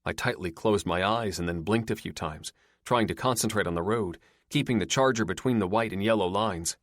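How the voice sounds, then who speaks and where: A man with a fairly low voice reads a first-person romance audiobook at a steady, measured pace. The recording is dry and close, with no room sound. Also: dry recording. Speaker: audiobook narrator. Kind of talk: first-person scripted narration.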